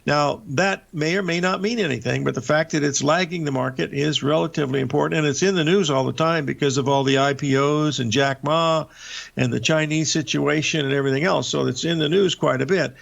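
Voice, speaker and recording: On dull lo-fi broadcast audio, an older man hosting a live market show speaks in a gravelly, somewhat high voice at a fairly quick clip. Folksy and rambling, he works through charts with plenty of "uh"s and restarts.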